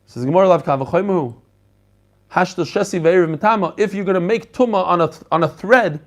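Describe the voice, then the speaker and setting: High-voiced animated rabbi teaching Talmud. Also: male voice, brisk. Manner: animated, mixes English with Hebrew and Yiddish terms, talks to listeners directly. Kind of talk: lively Talmud class lecture.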